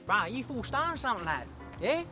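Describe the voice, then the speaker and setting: A man's voice: very high-pitched, very animated, fairly quick, pushed and bright, faint music behind, exaggerated voice. A man with an Australian accent playing a brash young eshay street lad who became prime minister, talking in cocky, slangy swagger. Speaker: comedy sketch creator. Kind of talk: comedy sketch character.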